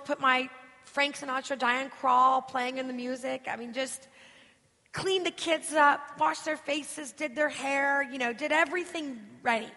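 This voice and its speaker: Guest-preaching in a church hall full of reverb, a woman in her thirties from the United States tells an emotional personal story as a sermon, regularly asking her listeners questions. She has a high, bright, pushed voice with some vocal fry.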